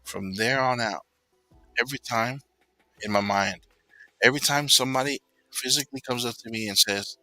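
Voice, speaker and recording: A man casually telling a personal story, rambling and filling pauses with "you know.". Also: mid-range voice, pushed and bright, dry recording, rough recording.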